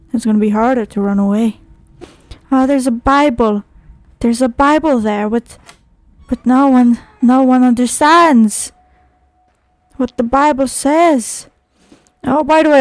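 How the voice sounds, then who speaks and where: A game streamer narrates her horror playthrough in a high-pitched voice with a darkish tone and no echo. Easily spooked, she keeps swearing and chatting to herself.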